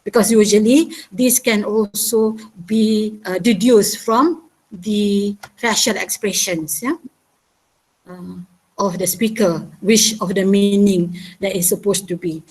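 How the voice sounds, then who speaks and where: A woman's voice: medium pitch, fairly even intonation, takes it slowly, a little mellow, breathy edge, poor audio. A woman giving a webinar lecture on teaching listening, often ending her points with a checking "yeah?". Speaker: university language lecturer.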